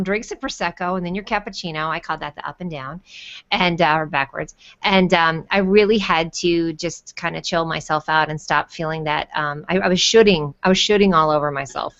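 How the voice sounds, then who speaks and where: A woman's voice: low voice, fairly even intonation, brisk, a bit bright, muffled recording. A woman hosting a casual video call chat, playful and chatty, cursing now and then. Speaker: host.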